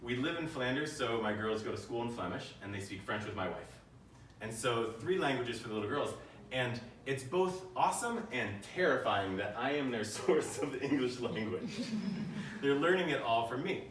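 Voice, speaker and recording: Lively American man giving a keynote. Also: mid-range voice, normal speed. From United States. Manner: storytelling with jokes and playful asides. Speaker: keynote speaker. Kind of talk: humorous live keynote talk. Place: conference room. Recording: roomy and distant with faint noise.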